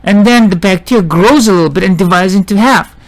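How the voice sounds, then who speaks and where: A man teaching biology in a casual lecture, often restarting sentences, asking himself questions and checking in with his listeners. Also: sits high. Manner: halting, with many restarts and rhetorical questions; checks in with "see?" and "right?". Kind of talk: informal classroom lecture.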